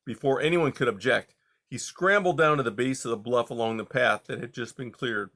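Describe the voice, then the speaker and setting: A man narrating a children's novel in a steady, measured reading style. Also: mid-range voice. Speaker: audiobook reader. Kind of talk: storybook narration.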